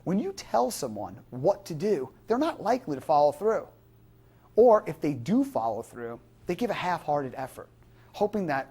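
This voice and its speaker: Husky, animated woman teaching fitness coaching. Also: low voice, normal speed. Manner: explanatory, poses rhetorical questions. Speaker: fitness instructor. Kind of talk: instructional lecture.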